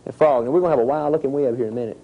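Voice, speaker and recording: A man, teaching a group of children outdoors, telling a lively story with sound effects. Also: mid-range voice, racing, phone-quality sound. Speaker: environmental educator. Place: outdoors at a nature center.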